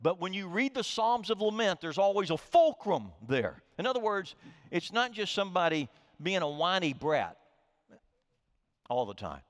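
A man preaches with an animated, swinging pitch that climbs when he presses a point. His voice sits a little high for a man. A long reverb trails each phrase, as in a big hall. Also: normal speed. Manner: earnest, emphatic preaching with rising and falling delivery. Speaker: pastor. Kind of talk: sermon.

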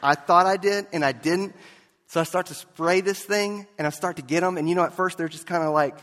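A man preaching a sermon as a pastor, telling a story and moving between loud and hushed delivery. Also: high voice, a little fast, in a large hall.

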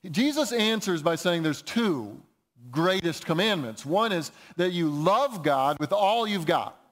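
A pastor preaching a sermon in a conversational, explaining way, often restarting phrases. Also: male voice, high voice, expressive, unhurried, fairly bright tone.

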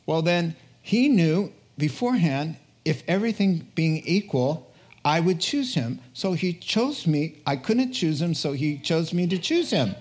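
In a lively sermon, a male preacher with a slightly high voice and a somewhat slow delivery urges his listeners on. He repeats words for punch and slips in jokey asides, laughing at himself along the way.

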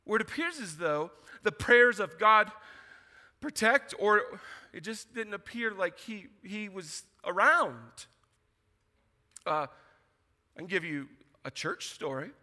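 A man preaching a sermon as pastor, emphatic and animated, often repeating words as he starts a thought. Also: high voice, takes it slowly, long pauses. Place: church sanctuary. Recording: church hall with long reverb.

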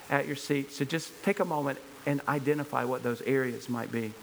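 An earnest male preacher delivers a sermon to his congregation, his voice sitting at an ordinary, middle pitch. He presses each point with emphasis and circles back to the same rhetorical questions. A faint hiss runs under the recording. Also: fairly even intonation, moderate pace, creaky, a bit bright, low-quality recording. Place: church service before a congregation.

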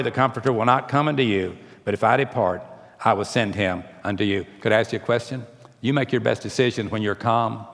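A preacher delivers his sermon with a gravelly edge to his voice. He surges into loud, quick, emphatic runs, then drops to slow and quiet. His words ring out with the long reverb of a church hall. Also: medium pitch. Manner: rising to emphatic, rapid bursts then slowing to quiet, drawn-out phrases.

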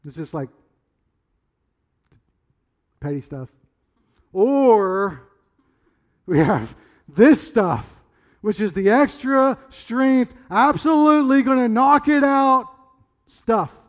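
A man's voice: very high-pitched, expressive, takes it slowly, dull audio, pitched above the performer's own voice, full character voice. A man putting on a woman who pushes pills like a little drug dealer, hyping her stash in a conspiratorial, rising voice. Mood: hyped conspiratorial.

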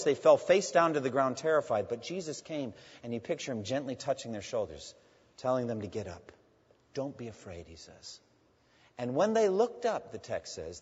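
A man preaching a sermon as a pastor, emphatic and swinging between loud and hushed. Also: on the high side, breathy edge. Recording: dull sound in a long-reverb hall.

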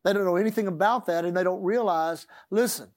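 A male pastor delivers a sermon in a notably high voice. He is emphatic, swinging from loud declarations to hushed, confiding asides. He stretches key phrases and stresses them word by word. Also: quick pace.

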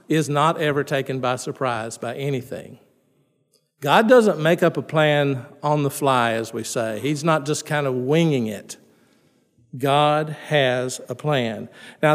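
A middle-aged man preaching a sermon as pastor, in a conversational way, repeating and restarting words and asking his listeners questions. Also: mid-range voice. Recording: long reverb in a large hall.

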